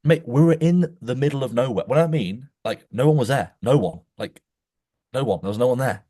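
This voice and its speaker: A man's voice: mid-range voice, a little fast, no room sound, studio quality. A young man co-hosting a podcast, telling a long anecdote in casual chat with lots of restarts and "mate". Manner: animated storyteller, many restarts, keeps saying "mate". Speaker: podcast co-host.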